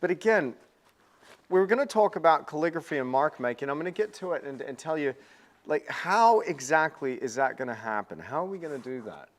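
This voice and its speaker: A man's voice: fairly high pitch, lively intonation, brisk. A man hosting a casual painting livestream, chatty and upbeat, often repeating words, with a self-deprecating manner.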